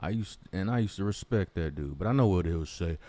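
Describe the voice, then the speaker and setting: A man's voice: low voice, lively intonation, brisk, mellow, no echo. A man ranting in a commentary vlog, confrontational and mocking, swearing heavily. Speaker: commentary vlogger.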